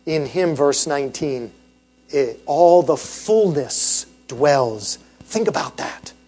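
A man preaching a sermon in a notably high voice. He speaks slowly and deliberately, stressing key words and checking in with "right?" after each point. His delivery is emphatic and teaching. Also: expressive, dark tone, breathy edge. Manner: emphatic, asks the congregation rhetorical questions and tags "right?". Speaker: pastor.

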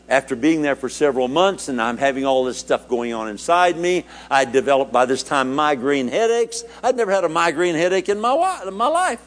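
During his sermon, an older preacher shares a personal story. His voice climbs high when emotion takes him, then sinks low and quiet.

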